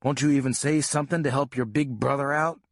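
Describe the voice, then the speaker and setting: A man voicing an abusive, short-tempered father who coaxes and threatens in a lower, quieter voice. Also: fairly even intonation, a little fast, no echo, studio quality, close to an everyday voice. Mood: menacing. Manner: coaxing then harsh and menacing.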